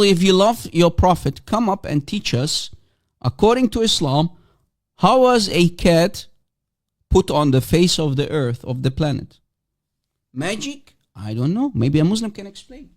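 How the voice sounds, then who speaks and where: A man hosting a casual livestream, mocking and provocative, teasing and repeating himself as he calls for guests. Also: on the high side. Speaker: livestream host.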